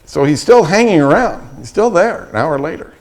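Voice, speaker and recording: Middle-aged pastor preaching with dramatic storytelling. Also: male voice, fairly high pitch, expressive, moderate pace, a little mellow. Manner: storytelling, dramatizes scripture with vivid quotes; frequent restarts and repetitions. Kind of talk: sermon.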